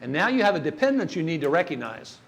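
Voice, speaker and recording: A man's voice: a little high, sing-song, fast, gravelly, a bit bright. An older man preaching a sermon in a church, telling stories and putting questions to the congregation. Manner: storytelling, asks the congregation questions.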